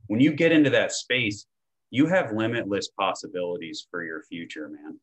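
A man from Florida, a men's coach, talking in an energetic, slangy way with casual swearing in a relaxed podcast chat. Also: fairly low pitch, moderate pace, slightly rough, poor audio. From Tampa, Florida.

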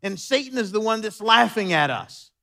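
Bright-voiced animated male pastor. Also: high voice, moderate pace, gravelly. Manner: animated, storytelling preacher. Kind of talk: sermon.

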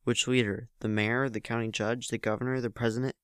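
A man's voice: mid-range voice, level tone, brisk, fairly bright tone, clear, resonant tone, no echo, clean studio sound, close to an everyday voice. A man voicing a nervous middle-aged male governor who hesitates and stammers. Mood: tense.

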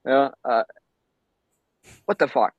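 A man's voice: medium pitch, slow, dry recording, narrow, tinny audio. A man whose first language is German, a podcast guest, who talks emphatically and bluntly and swears often. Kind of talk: candid podcast conversation.

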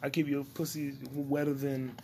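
A man's voice: mid-range voice, level tone, normal speed, a little mellow, slight background noise, lightly acted. A man doing an impression of a brash, boastful male comedian, with a profane swagger.

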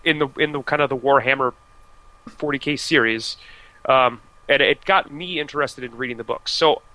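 American man, podcast co-host, casual game talk, bright tense tone, dry close sound, lots of restarts and fillers. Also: mid-range voice, normal speed, dry recording, rough recording. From United States. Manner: chatty, frequent restarts and fillers. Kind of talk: casual video game discussion.

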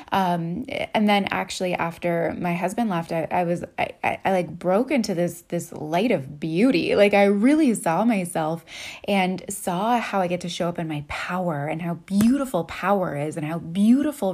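A woman's voice: fairly low pitch, darkish tone. A woman in her thirties giving an earnest motivational monologue, full of repeated affirmations and casual fillers.

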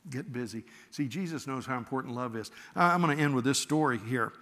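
A man's voice: medium pitch, brisk, fairly bright tone. A man preaching a sermon, folksy and storytelling, correcting himself in easy asides. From Florida, US. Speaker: pastor. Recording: long reverb of a large hall.

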